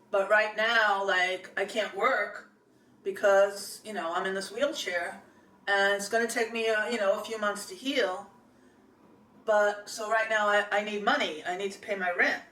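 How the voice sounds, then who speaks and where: A woman's voice: mid-range voice, fairly even intonation, moderate pace, pushed and bright. A middle-aged woman tells a personal story in a chatty, meandering way. She doubles back with fillers and restarts as she goes. Her voice sits in an echoey room, a little distant from the mic.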